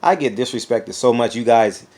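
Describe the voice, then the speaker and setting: A man giving a casual opinion vlog as a YouTube commentator, animated and rambling, often repeating words as he goes. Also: medium pitch, normal speed.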